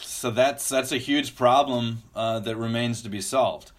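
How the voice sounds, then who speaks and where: A man explaining the reversals of the magnetic field as a guest, in measured and clear sentences. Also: mid-range voice, steady tone, a little hiss or hum. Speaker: geophysicist guest. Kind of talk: explanatory conversation.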